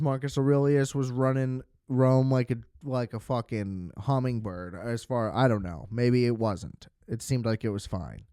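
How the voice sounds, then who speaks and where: A man's voice: mid-range voice, a little mellow, clean tone, no echo, clean studio sound. A man hosting a podcast, reviewing films in a rambling, sarcastic monologue full of fillers and swearing. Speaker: podcast host. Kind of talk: casual film review monologue.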